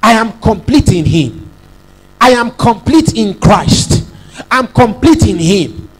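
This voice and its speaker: A man's voice: high voice, very animated, takes it slowly, husky, rough recording. A man preaching a sermon as pastor, emphatic, repeating phrases and prompting the congregation to say lines back.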